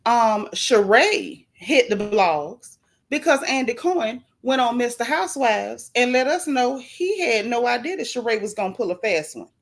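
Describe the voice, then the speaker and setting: A woman hosting a casual gossip livestream, chatty and animated, greeting viewers from the chat with swooping, playful emphasis. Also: on the high side, normal speed.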